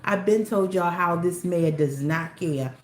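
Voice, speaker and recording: A woman's voice: on the low side, a little slow. A woman with a Baltimore accent talking earnestly on her own livestream, rambling and repeating herself for emphasis. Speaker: livestream host. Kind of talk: casual livestream monologue. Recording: roomy echo with faint background noise.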